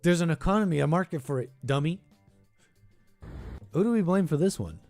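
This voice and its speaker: A man's voice: fairly high pitch, lively intonation, brisk, darkish tone, dry recording, soft background music. A man hosting a call-in podcast, reacting to a clip in a sarcastic, rambling way, thinking aloud. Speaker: podcast host reacting to clips. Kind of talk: casual reaction commentary.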